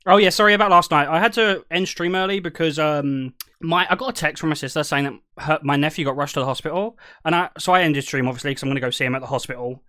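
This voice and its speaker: A man's voice: a little high, quick pace, sharp tone. A British man streaming, telling casual stories to his chat, joking, swearing freely and laughing often. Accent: British English. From Britain.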